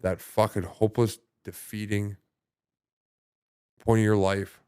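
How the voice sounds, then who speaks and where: A man with a somewhat low voice talks casually as a podcast guest. He swears often and circles back through fillers and false starts. The sound is dry and close. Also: little pitch movement, dark tone, clear, resonant tone, dry recording. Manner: halting, profane, many restarts and fillers. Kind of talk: casual conversation.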